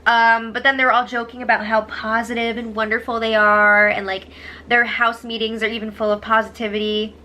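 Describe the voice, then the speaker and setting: A woman's voice: fairly high pitch, flat delivery, normal speed, sharp tone, slight background noise. A young woman hosting a casual recap, chatty, with sarcastic, eye-rolling asides. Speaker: host recapping a reality show.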